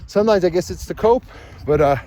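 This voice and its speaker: A man's voice: high-pitched, fast talker, mellow. A man, a dog trainer, talking casually as he walks a forest trail, rambling and thinking aloud with many restarts, filmed on a handheld camera. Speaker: dog trainer and podcast host. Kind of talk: casual rambling talk while walking outdoors. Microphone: handheld camera, selfie framing.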